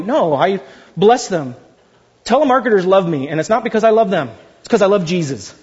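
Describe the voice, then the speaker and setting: A high-voiced man preaches to his congregation with husky warmth, slipping into animated, jokey asides. The sound is a dull, lo-fi church recording. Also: fast. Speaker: pastor. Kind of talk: sermon.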